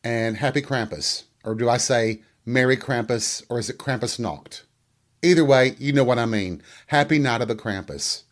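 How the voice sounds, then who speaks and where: A man's voice: medium pitch, moderate pace. A man from the American South, hosting a casual solo podcast monologue in a bawdy, self-mocking way. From US Bible Belt. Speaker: podcast host.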